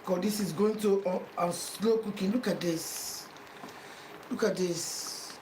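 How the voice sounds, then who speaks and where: A woman's voice: mid-range voice, slow pace, roomy sound, recorded from a distance, noisy background. A Sierra Leonean woman chatting casually while cooking at home, self-mocking and pleading with viewers for likes. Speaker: cooking vlogger. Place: home kitchen.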